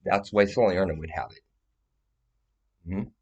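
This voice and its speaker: A man rambles through a vlog monologue in a fairly low, husky, darkish voice at normal speed, recorded with a muffled sound. He swears constantly and keeps slipping into agitated outbursts.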